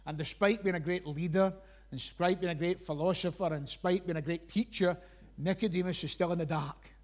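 Male preacher, high voice, emphatic sermon delivery with stumbles and fillers. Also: fairly even intonation. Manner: emphatic, halting with fillers and restarts.

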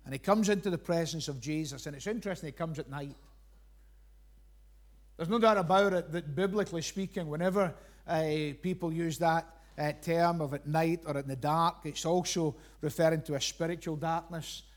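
A man's voice: a little high, moderate pace. A man preaching a sermon, emphatic, with frequent fillers and restarts.

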